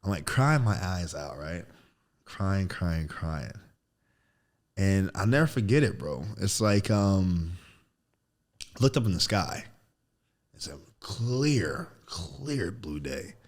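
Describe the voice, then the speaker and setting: A man in his thirties, a podcast guest, telling a story in casual chat, animated and throwing in "bro" a lot. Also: sits low, takes it slowly, long pauses. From United States. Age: 30s. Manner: animated storyteller, acts out quotes loudly, says "bro" often.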